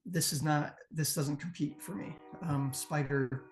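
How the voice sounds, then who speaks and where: A man's voice: on the high side, fairly even intonation, a little slow, faint music behind. A man with a Midwestern American accent judging wrestling promos in a blunt, profane, candid critique. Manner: blunt, profane, acts out crowd chants. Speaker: promo competition judge.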